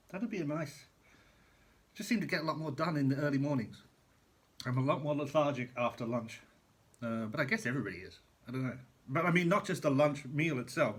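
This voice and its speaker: A man's voice: fairly high pitch, a bit bright, breathy edge. A middle-aged man, a chef, chatting casually in a vlog from a hotel room, rambling and eating as he talks. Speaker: chef vlogger.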